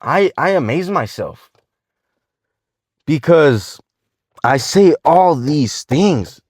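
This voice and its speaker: A man's voice: on the high side, animated, drawn-out words, a little mellow, husky, no echo, clean studio sound. A man giving casual dating advice to the camera, talking in slang and swearing freely as he rambles along with restarts.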